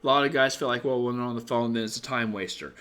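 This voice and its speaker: A man's voice: mid-range voice, fast talker, a bit bright, clear, resonant tone. A young man sounds tired as he hosts a casual live stream. He talks bluntly and rambles, with plenty of swearing, moving from chatting with viewers to giving dating advice.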